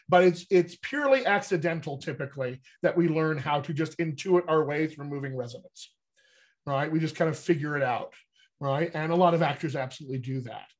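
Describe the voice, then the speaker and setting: Male dialect coach, somewhat high voice, teacherly explainer, keeps checking in. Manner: teacherly, checks in with frequent "right?". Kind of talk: explanatory interview talk.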